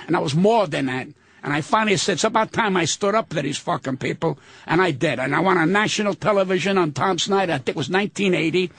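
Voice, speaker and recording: An older man, a comedian telling blunt, profane stories in a casual interview, with a husky voice. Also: sits high, fairly bright tone, dry recording. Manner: profane, blunt, ranting storyteller. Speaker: guest comedian.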